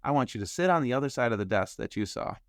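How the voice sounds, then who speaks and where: Man, mid-range voice, podcast guest, animated storytelling, acts out quotes, dry close mic. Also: mid-range voice, fast, dry recording.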